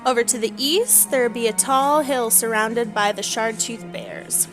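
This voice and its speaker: A woman's voice: on the high side, measured pace. A woman voicing a female troll witch doctor, reading the lines aloud in her own plain voice. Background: game music.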